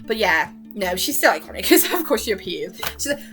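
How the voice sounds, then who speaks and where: Giggly girl gushing over a show, bright slightly high voice, faint music underneath. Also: sing-song, fairly quick. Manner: giggly, gushing, acts out scenes in quoted voices. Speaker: YouTuber reviewing a TV series. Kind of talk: excited casual chat.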